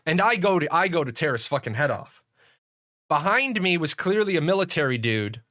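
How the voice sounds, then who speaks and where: A middle-aged man telling a story on a livestream in a casual, profane and animated way, with frequent restarts. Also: fairly high pitch, moderate pace. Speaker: streamer.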